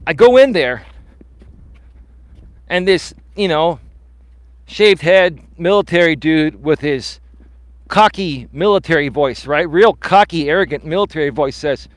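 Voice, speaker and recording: Animated man storytelling on a walk. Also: a little high, measured pace, pauses often, no echo. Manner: animated storyteller, acts out quotes, swears casually. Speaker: life coach and host. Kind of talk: casual live-stream storytelling while walking. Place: outdoors while walking.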